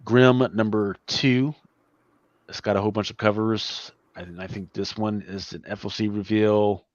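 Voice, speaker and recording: A man hosts a loose, casual livestream chat in a rather low voice, rambling and trailing off. The sound is dry and dull, like a lo-fi mic. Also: fairly even intonation, unhurried, dry recording. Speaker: host.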